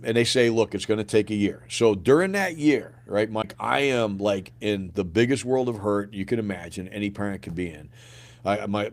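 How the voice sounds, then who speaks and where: A middle-aged man from the United States, a podcast guest telling a painful personal story in a blunt, casual way full of slang and swearing. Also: on the low side. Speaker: podcast guest, grieving father.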